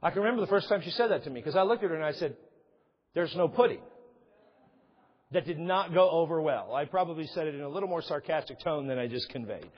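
A man's voice: a little high, animated, very fast, hardly any pauses, husky. A man preaching a sermon emphatically, repeating key phrases for weight, with an aside now and then. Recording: long reverb, dull lo-fi sound.

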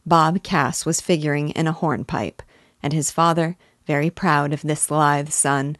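A woman teacher reading a classic novel aloud in a measured, deliberate way. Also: sits low, no echo, studio quality.

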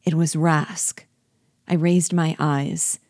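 A woman giving a measured, expressive reading of a classic novel as host of a reading series. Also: sits low, dry recording, clean studio sound. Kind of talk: audiobook reading.

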